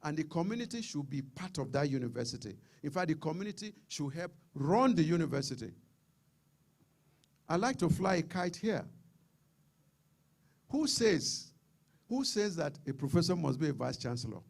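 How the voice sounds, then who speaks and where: Gravelly Nigerian man giving a lecture. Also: a little high, big pitch swings, normal speed, pauses often. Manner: emphatic, repeats words and restarts phrases. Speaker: seminar speaker. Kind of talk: public lecture.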